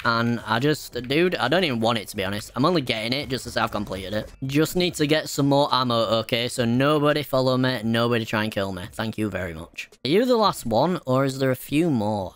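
A young man giving casual, excitable commentary while playing a video game, talking to himself and his viewers. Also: medium pitch. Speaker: gaming YouTuber. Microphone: studio condenser mic at desk.

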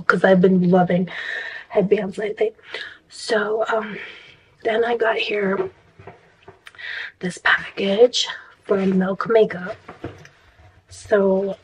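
A woman's voice: mid-range voice, slight background noise, rough recording. A woman vlogger telling a story in casual, rambling chat, exasperated and full of restarts.

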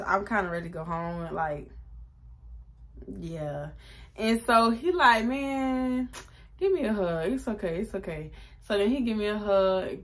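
A woman, chatting casually through a storytime and jumping up in pitch to act out quotes. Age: 20s. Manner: animated, chatty, acts out quotes with raised pitch. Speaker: vlogger.

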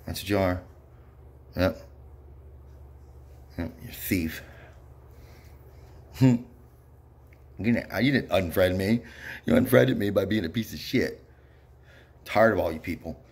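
A man's voice: low-pitched, slow, vocal fry, pauses often, a little mellow, breathy edge. A man delivering an angry, rambling monologue, bitter and profane, with frequent muttered asides. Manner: bitter, profane, ranting with repeated yeps.

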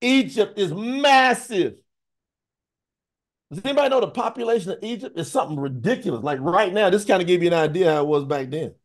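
Male preacher, higher voice, animated and emphatic, talks straight to his viewers. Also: a little fast. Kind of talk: online scripture teaching.

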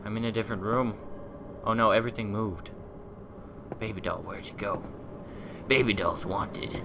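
A man's voice: on the low side, steady tone, normal speed, background noise. A man doing casual horror game commentary, joking around, talking to objects in the game and yelping when startled. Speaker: gameplay commentator.

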